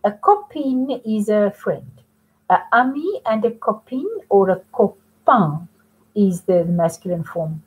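A woman's voice: mid-range voice, lively intonation, slow pace, a little mellow, breathy edge, poor audio. A woman teaching French to students in a remote lesson, patiently explaining step by step and mixing in French phrases.

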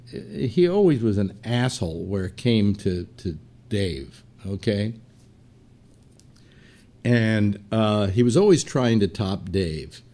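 A man's voice: on the low side, dark tone. An older man hosting a talk show, telling anecdotes in a loose, rambling way full of fillers and playful quoted voices. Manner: storytelling, many fillers, mimics quotes. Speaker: podcast host. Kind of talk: casual rambling chat.

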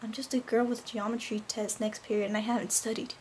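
A young woman voicing a teenage cartoon girl who defensively pushes away an old friend, loud and insistent. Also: a little high, level tone, a little fast, slight background noise, lightly acted.

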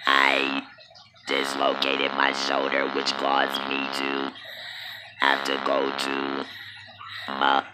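Slow-talking woman over loud noise. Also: very deep voice. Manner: halting, with many fillers and pauses. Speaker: vlogger telling her birth story. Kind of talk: casual personal storytelling.

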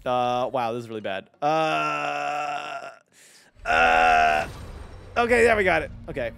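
Bright, lively man rambling on stream. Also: medium pitch, takes it slowly, creaky, smooth, faint music behind. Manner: rambling, profane, lots of fillers. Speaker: streamer and voice director. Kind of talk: casual stream chat while playing.

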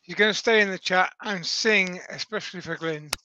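A man's voice: sits high, normal speed, sharp tone, slight background noise. A man co-hosting a live stream, cheerfully reading out viewer comments in casual chat.

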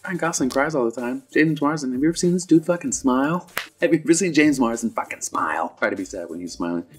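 A man rants about a movie for laughs, swearing freely and dripping with sarcasm. His voice sits in a middle pitch but keeps jumping up into excited squeals. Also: fast talker. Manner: profane, sarcastic, animated with sudden high squeals. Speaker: movie reviewer. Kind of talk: comedic movie rant.

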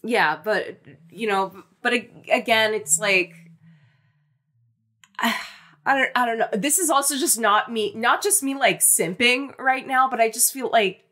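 A woman co-hosting a podcast, talking in a chatty, casual way with many fillers, restarts and lively bursts of emphasis. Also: fairly high pitch, measured pace. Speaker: podcast co-host.

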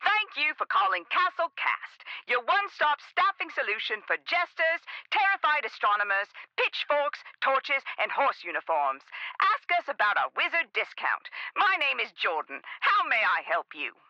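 A perky receptionist on a dull phone line. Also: female voice, high voice, sing-song, normal speed, bright, forceful tone, dry recording, full character voice. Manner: perky, scripted sales patter. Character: chirpy young woman receptionist for castle staffing. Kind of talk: video game voice acting.

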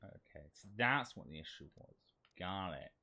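A man streaming a shooter game, talking through his play in casual commentary and swearing excitedly at the enemies. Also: deep voice, normal speed, slight background noise. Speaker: VTuber streamer. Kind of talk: live gameplay commentary.

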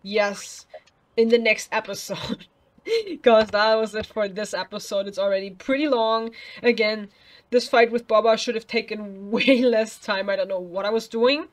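A woman's voice: a little high, a little slow. A woman casually commenting on a video game she is playing, chatting to the characters and making playful sound effects. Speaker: let's play gamer.

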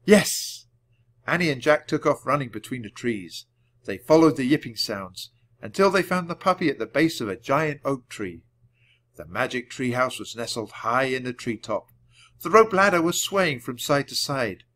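A man reading a children's book aloud at a clear, measured storytelling pace. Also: medium pitch, expressive, a bit bright. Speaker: audiobook reader.

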